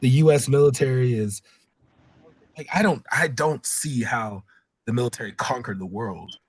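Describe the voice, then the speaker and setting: Husky man with lots of "like". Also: medium pitch, moderate pace, no echo. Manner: hedging, uses like a lot, asks pointed questions. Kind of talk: casual heated debate.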